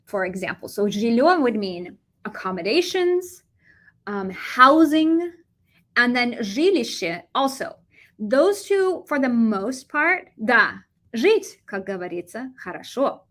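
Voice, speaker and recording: A young American woman with a lively, animated delivery, teaching a Russian vocabulary lesson and switching between English and Russian. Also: a little high, takes it slowly. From United States.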